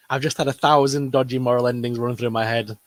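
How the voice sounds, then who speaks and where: A man's voice: mid-range voice, fairly even intonation, a little fast, dry recording. A man with a northern English accent, chatting casually as co-host of a live stream. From northern England. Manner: casual, laughing, many restarts.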